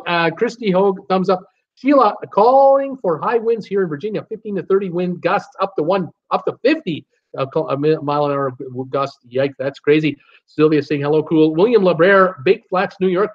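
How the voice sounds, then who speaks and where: A man's voice: sits high, lo-fi sound. A man hosting a live-stream show, chatting casually and reading viewer comments aloud with lots of fillers. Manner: chatty, rambling, reads chat messages aloud with many fillers. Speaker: host of a live cruise show.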